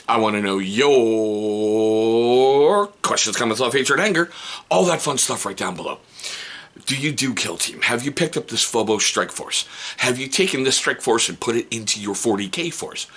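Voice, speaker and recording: A man's voice: lowish voice, bright, forceful tone, slightly rough. A man in his forties hosting a casual hobby unboxing vlog, chatty, joking and encouraging. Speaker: hobby channel host.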